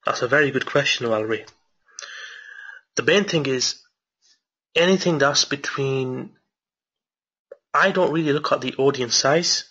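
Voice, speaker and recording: An excited man talking viewers through a marketing tutorial late at night, repeating words and restarting sentences as he goes. His voice is bright and a little husky. The recording sounds dull and lo-fi. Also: mid-range voice, unhurried, long pauses. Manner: enthusiastic, repeats himself, many restarts. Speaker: online marketing teacher. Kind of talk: screen-share tutorial with viewer Q&A.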